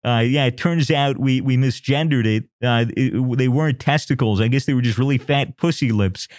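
A man's voice: mid-range voice, moderate pace, darkish tone, no echo, studio quality. A man in casual podcast chat, joking crudely and swearing a lot.

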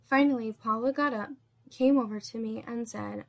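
A woman reads a first-person story aloud at a steady, measured pace. Her voice sits somewhat high with a noticeable gravelly fry. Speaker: story narrator.

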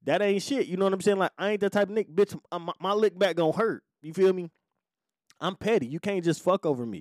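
His fairly high, slightly mellow voice is recorded dry through a podcast microphone with clean studio sound. The host, around forty, relaxedly and profanely recounts something personal, often tossing in "you know what I'm saying."

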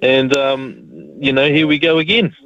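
Ranting New Zealand caller, lo-fi line. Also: male voice, medium pitch, steady tone, normal speed, a bit bright. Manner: frustrated ranting, says "mate" often. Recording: dull lo-fi phone audio.

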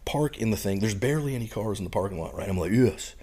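A man's voice: lowish voice, very fast, slightly rough. A middle-aged man, a podcast guest telling a story in casual talk and acting out the people in it. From Canada. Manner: animated storyteller who acts out the people in his stories.

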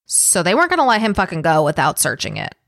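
A woman's voice: fairly low pitch, wildly swooping pitch, fast, creaky, a bit bright, no room sound, studio quality. A woman co-hosting a podcast, telling a true-crime story in a casual, profane, chatty way and laughing easily. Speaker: podcast co-host.

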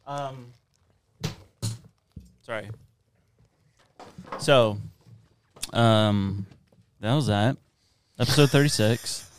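A man's voice: mid-range voice, drawn-out words, long pauses, smooth. A man hosting a podcast in casual chat, playful and easygoing. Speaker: podcast host.

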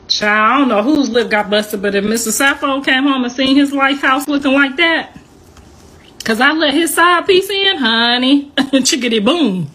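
A woman in casual gossip chat, sassy and animated, laughing as she tells the story. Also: a little high.

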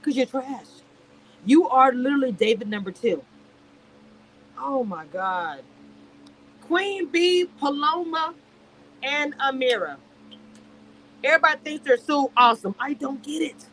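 A woman's voice: sits high, expressive, a little slow, pauses often, fairly bright tone, slight background noise, rough recording. A woman reviewing a reality show on a live stream, speaking in a heated, emphatic way and repeating herself. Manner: emphatic and repetitive, heated and exasperated. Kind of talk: casual live-stream commentary rant.

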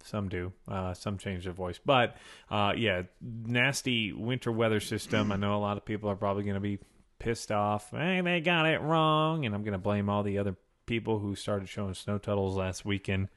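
With a fairly low, flat voice at moderate speed, this man co-hosts a laid-back podcast through a desk microphone. He jokes around, wanders off topic and laughs often alongside his partner.

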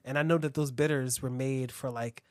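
A man's voice: medium pitch, fairly even intonation, normal speed, dry recording, clean studio sound. A man hosting a casual chat who rambles, swears a lot and laughs easily.

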